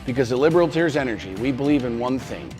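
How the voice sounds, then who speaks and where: A man's voice: animated, fast talker. Brash macho ad narrator man, guitar behind. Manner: crude, macho, mocking sales pitch. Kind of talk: brash promotional ad voice-over. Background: guitar music.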